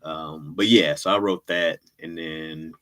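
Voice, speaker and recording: Slow and very deep, with fairly even intonation and a sharp tone, this man is a comedy writer running a livestream. He keeps things laid-back and full of slang as he talks with viewers, laughing frequently.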